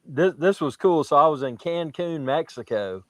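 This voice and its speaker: A man's voice: a little high, animated, normal speed, no room sound. A man with a Southern US accent, telling a rambling story on a livestream chat. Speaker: livestream guest.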